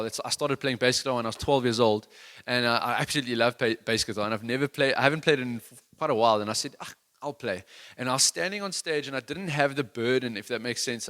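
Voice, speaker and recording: A man's voice: medium pitch, fairly bright tone. A man preaching a sermon in an earnest, conversational, self-deprecating way, with many restarts. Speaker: worship leader giving a sermon.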